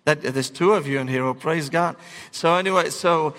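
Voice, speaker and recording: A middle-aged pastor, preaching in animated, comic storytelling bursts. His voice sits fairly high for a man, and the long reverb of a large hall trails every phrase. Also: normal speed. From Syria. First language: Arabic. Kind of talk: sermon with humorous storytelling.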